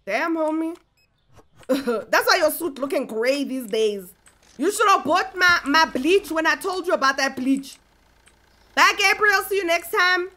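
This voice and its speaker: A young woman giving casual, animated commentary as she plays a game, exclaiming and chatting to her viewers. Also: sits high, a little slow. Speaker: gaming streamer.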